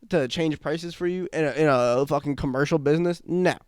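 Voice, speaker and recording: A young man ranting bluntly as a podcast guest, in his early twenties. His voice sits a little high and comes out loud and insistent, full of slang. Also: fairly quick, clean tone, no echo, studio quality. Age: young adult. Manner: loud, blunt and ranting, says bro a lot. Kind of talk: casual chat.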